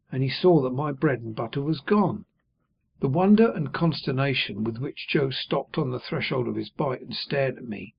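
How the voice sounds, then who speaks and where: A man reading a novel aloud as an audiobook narrator, in a measured, even storytelling manner. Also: medium pitch, gravelly, slightly rough, highs cut off. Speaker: audiobook reader. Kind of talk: scripted narration.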